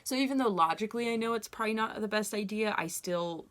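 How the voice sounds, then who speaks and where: A woman's voice: mid-range voice, fast, a bit bright. A young woman giving a casual tarot reading to camera, candid and rambling, with frequent ums and self-corrections. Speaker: tarot reader.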